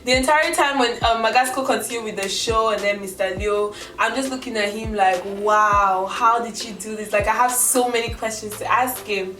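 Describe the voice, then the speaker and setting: A young woman vlogger telling a story in a chatty, animated way, acting out her own quotes. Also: on the high side, normal speed, hardly any pauses. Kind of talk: casual storytelling. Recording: roomy echo from a distance, music behind. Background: background music.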